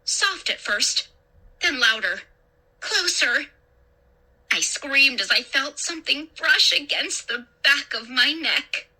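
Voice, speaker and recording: Woman storyteller, scary story narration, dramatic, very lively pitch, slow delivery. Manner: dramatic, expressive. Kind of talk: scripted horror story narration.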